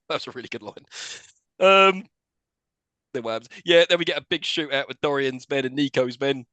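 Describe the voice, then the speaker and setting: A man's voice: medium pitch, fairly even intonation, a little fast, bright, forceful tone, dry recording. A man co-hosting a podcast, casually recapping a film with laughs and swearing. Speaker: podcast co-host.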